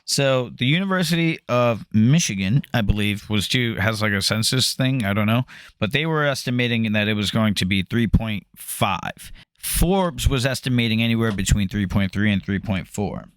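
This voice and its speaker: A man's voice: lowish voice, moderate pace, clean tone, no echo. Profane, laughing man on a dry mic. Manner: loose and profane, often laughing. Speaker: co-host of a real estate market update. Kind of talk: casual podcast chat.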